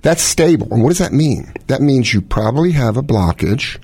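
A man's voice: medium pitch, lively intonation, normal speed, a little mellow, breathy edge, no echo. A middle-aged man, a cardiologist, explaining heart conditions in casual chat with analogies and quoted scenarios. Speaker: cardiologist host.

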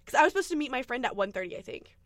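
A woman's voice: high-pitched, very animated, very fast, fairly bright tone, no echo, studio quality. A young woman, telling a funny story as a podcast co-host and laughing often. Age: young adult. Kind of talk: casual storytelling chat.

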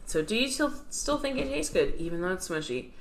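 A woman's voice: medium pitch, a little fast. A woman co-hosting a podcast in casual, joking chat, laughing often and putting on silly voices to quote a cartoon. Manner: animated, laughing, mimics characters in exaggerated voices. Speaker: podcast co-host.

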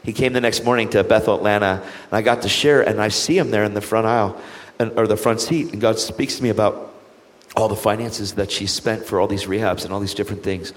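A guest evangelist with a fairly low, slightly quick voice tells his testimony in a large hall. He delivers the story with animation, acting out the voices of the people he quotes.

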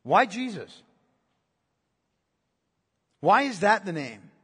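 Emphatic high-voiced pastor preaching. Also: male voice, very animated, takes it slowly, fairly bright tone, husky, long reverb tail. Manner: emphatic, repeats key phrases, asks rhetorical questions. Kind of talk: sermon.

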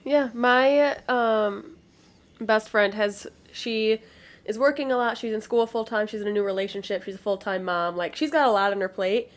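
A woman chatting casually and telling anecdotes in a relaxed way. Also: medium pitch, normal speed. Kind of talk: casual chat.

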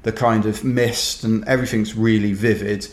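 A man's voice: on the low side, little pitch movement, normal speed. A Welsh man telling a rambling, wry story in casual chat, dotted with "kind of" and "you know". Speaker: ultrarunner guest. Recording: roomy echo.

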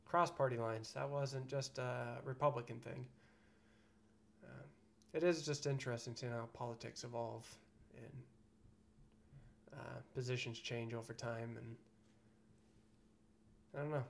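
A man's voice: mid-range voice, fairly even intonation, measured pace, creaky, long pauses, slight background noise. A man co-hosting a podcast in casual chat, frank and profane, prone to ranting. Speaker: podcast co-host.

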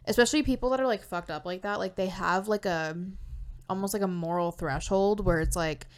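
A woman's voice: on the low side, fairly quick, clear, resonant tone. Young woman, swearing, emotional podcast co-host. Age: young adult. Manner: emotional, swears, says "like" a lot. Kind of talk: casual true-crime podcast chat.

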